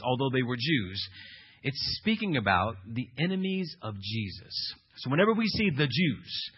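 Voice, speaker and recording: A man preaching a sermon as pastor, swinging from loud emphatic declarations to low, intense asides. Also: slightly rough. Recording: muffled lo-fi sermon recording.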